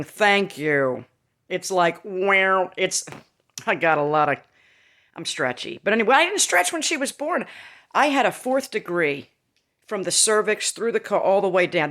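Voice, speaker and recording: A woman in her fifties, a vlogger, tells her viewers a candid, rambling personal story to camera, adding laughing asides. Her voice is low-pitched with a fairly bright tone.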